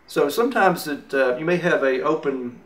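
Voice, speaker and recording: A man's voice: fairly high pitch, moderate pace. Man teaching mandolin, counting beats. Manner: relaxed, explains while playing, counts beats aloud. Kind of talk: instructional demonstration. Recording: roomy, off-mic with mandolin playing. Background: mandolin music.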